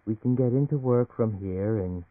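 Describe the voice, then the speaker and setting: A man voicing a mocking, sleepy young woman in a story, raising his voice lighter and higher. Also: moderate pace, no echo, natural voice. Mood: drowsy. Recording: tinny radio broadcast.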